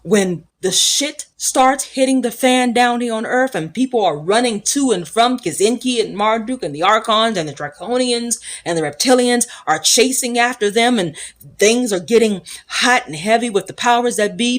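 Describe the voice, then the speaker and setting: A woman hosting a spiritual podcast, speaking in a scornful, preachy monologue with emphatic repetition and a Black lilt. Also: fairly high pitch. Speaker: podcast host.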